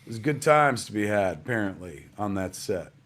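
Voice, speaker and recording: A man's voice: fairly low pitch, big pitch swings, normal speed, a bit bright. A middle-aged man hosting a live stream from home in a rambling, jokey casual way, calling everyone "man" and "kids".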